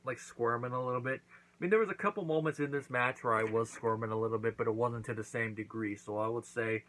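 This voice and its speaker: A man's voice: medium pitch, fast, fairly bright tone, a little hiss or hum, rough recording. A man hosting his own channel, casually recapping and reviewing a wrestling event, acting out quotes as he goes. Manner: chatty recap with acted-out quotes.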